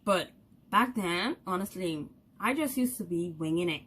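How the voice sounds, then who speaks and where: A young Bahamian woman vlogger telling a story to camera in a casual, animated way, laughing often and acting out the voices of the people she quotes. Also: fairly low pitch, moderate pace, slight background noise.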